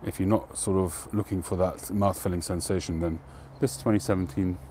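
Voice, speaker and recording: Low-voiced man chatting on a livestream. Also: moderate pace, a little hiss or hum. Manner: relaxed, rambling, greets viewers by name. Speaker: pipe-smoking livestream host. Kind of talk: casual live-stream chat.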